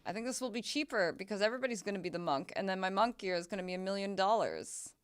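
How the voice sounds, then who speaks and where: A woman's voice: mid-range voice, quick pace, faint music behind. A young woman streaming a game, chatting casually, swearing and laughing as she plays. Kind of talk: casual gameplay chat.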